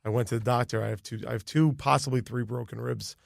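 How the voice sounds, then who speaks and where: A man's voice: medium pitch, steady tone, fast talker, vocal fry, no room sound, studio quality. A man in his thirties, a guest comedian on a podcast, telling a story in chatty talk with laughing asides.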